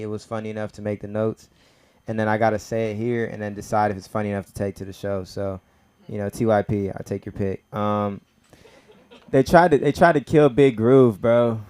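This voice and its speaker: A man doing a stand-up set on a comedy club stage, loose and slangy. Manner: loose, slangy, low-key then excited.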